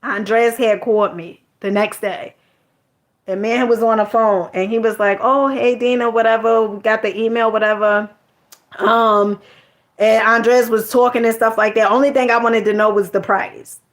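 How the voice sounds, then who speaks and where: Chatty woman, higher voice. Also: steady tone, measured pace. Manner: chatty, repeats words, slangy. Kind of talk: casual storytelling monologue.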